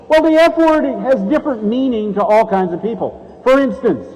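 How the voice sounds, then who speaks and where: A man's voice: extremely high pitch, expressive, brisk, hardly any pauses, darkish tone. A man giving a motivational keynote speech and joking playfully with the audience in a large conference hall. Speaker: keynote speaker. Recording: reverberant hall.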